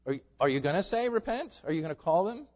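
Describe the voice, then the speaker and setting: A man's voice: sits high, big pitch swings, fast, darkish tone. Emphatic male pastor preaching in a reverberant hall. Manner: emphatic, pleading preaching with rhetorical questions. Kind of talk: sermon. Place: church sanctuary. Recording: dull sound with long hall reverb.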